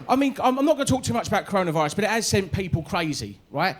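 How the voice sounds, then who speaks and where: A man's voice: high voice, big pitch swings, racing, a little hiss or hum. A man in his forties with a London Cockney accent, doing a punchy, chatty stand-up set on a comedy club stage. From East London, England. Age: 40s. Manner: punchy, chatty, tags lines with "right?".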